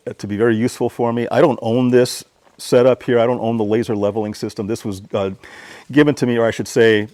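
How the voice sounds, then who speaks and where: A man with a fairly low voice walks through a hands-on DIY task. He speaks plainly and patiently, stammering and restarting as he goes. The sound is close and dry, with little room echo. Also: dark tone. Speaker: DIY channel host. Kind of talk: hands-on how-to explanation.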